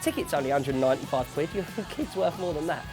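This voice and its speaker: A man's voice: on the high side, fast talker. A man presenting a music TV show with jokey asides and a chatty interview manner. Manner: jokey asides, lively reading, chatty fillers.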